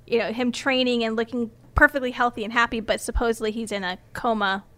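A woman with a slightly high voice talks through a story in casual podcast chat. She explains step by step, full of ums and little restarts as she goes. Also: steady tone, fast, a bit bright. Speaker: podcast co-host presenting the story.

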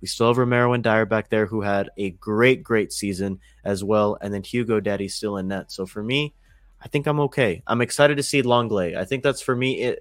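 Brief: male co-host, lowish voice, steady and methodical, dry close recording. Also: dry recording. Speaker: podcast co-host. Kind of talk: casual sports chat.

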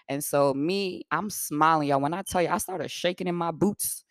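A young woman from Africa hosting a podcast, telling a story in a blunt, profane, animated way. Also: sits low, moderate pace, hardly any pauses, no room sound, clean studio sound. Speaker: podcast host. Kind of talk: casual storytelling.

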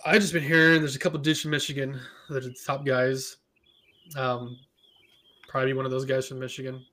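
A man's voice: medium pitch, flat delivery, brisk, pushed and bright. A man co-hosting a sports podcast, explaining things in a laid-back casual chat with many fillers. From Spokane area, Washington. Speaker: podcast co-host.

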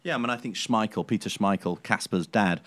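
A man's voice: fairly low pitch, brisk, fairly bright tone. A man co-hosting a football podcast, talking in earnest, admiring, conversational chat. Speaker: podcast co-host.

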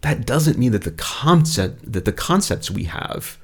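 A man with a General American accent, speaking as a podcast guest in a measured, articulate way with frequent restarts. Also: mid-range voice, big pitch swings, breathy edge. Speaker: guest philosopher. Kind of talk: conversational podcast interview.

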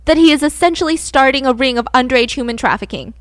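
A woman hosting a podcast, telling a true-crime story in a casual, animated way and laughing as she goes. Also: high voice, fast talker, no room sound. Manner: animated, laughs while telling, acts out quotes. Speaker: podcast host.

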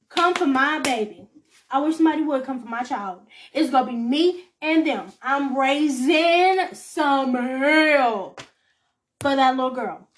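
A seventeen-year-old girl rambling through a casual story as a podcast host, colloquial and lively, acting out other people's lines with big jumps in her voice. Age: teens. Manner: animated, acts out quoted voices with big pitch jumps.

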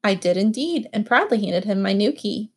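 A woman giving expressive, animated first-person audiobook narration. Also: mid-range voice, normal speed, breathy edge.

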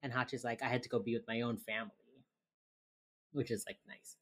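Woman, very deep voice, casual podcast co-host, chatty recap, lots of "like". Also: fairly quick. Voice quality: very low-pitched, relaxed storytelling with lots of "like". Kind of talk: casual chat.

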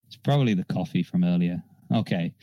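Brief: male tabletop player, low voice, dry close sound, relaxed and joking. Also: a little fast, no echo, low-quality recording. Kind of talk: casual tabletop chat.

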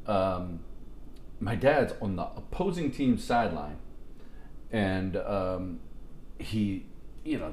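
A man's voice: lowish voice, darkish tone, roomy sound, slight background noise. A middle-aged man telling long, rambling, profane stories to friends on a podcast, with restarts and laughter. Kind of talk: casual storytelling among friends.

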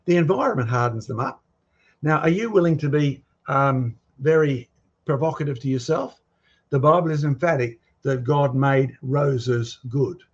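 A man's voice: medium pitch, moderate pace, slightly rough, muffled recording. A man giving a lecture with slides, emphatic and full of rhetorical questions and challenges to his audience. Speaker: guest speaker on creation and fossils.

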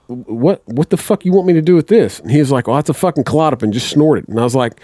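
A man spins a rambling story in a casual chat, peppering it with swearing and acting out the other people's lines. His voice sits at an everyday pitch, recorded close and dry with no room sound. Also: animated, fast talker, warm tone, no room sound. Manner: rambling, heavy swearing, acts out quotes. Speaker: podcast guest.

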